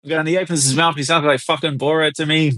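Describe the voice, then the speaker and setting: A man in his thirties, guest on a podcast, telling crude, animated stories with plenty of swearing. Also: fairly high pitch, fast talker, no echo. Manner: crude, animated storytelling with lots of swearing and laughs. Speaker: guest fighter. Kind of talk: casual podcast interview.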